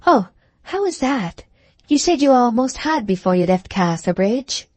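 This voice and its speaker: A woman's voice: a little high, sing-song, unhurried, no echo, voice pushed up. A woman voicing a timid young woman in an audiobook, speaking in a tremulous, faltering, pleading way. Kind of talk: audiobook character reading.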